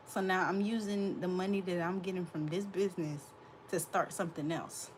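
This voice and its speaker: A woman's voice: fairly low pitch, a little hiss or hum. A woman in her thirties hosting a casual livestream, sassy and laughing, talking back to her chat from a hot room. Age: 30s. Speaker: livestream host.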